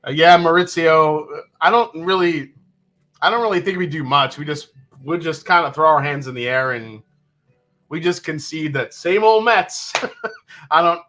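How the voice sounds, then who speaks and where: A man hosting a casual livestream in a fairly high, bright voice. He talks in a loose, joking way, swears freely, and his pitch moves a lot. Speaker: livestream host. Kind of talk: casual live chat.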